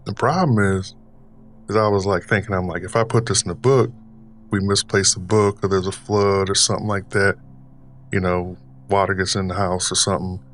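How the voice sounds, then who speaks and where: A man's voice: low voice, fairly bright tone, a little hiss or hum. A man podcast host putting on an older man's voice with a Southern drawl, rambling casually through a story with lots of fillers. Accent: put-on Southern US drawl. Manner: deliberately puts on an older man's voice; rambling, filler-heavy, unhurried delivery.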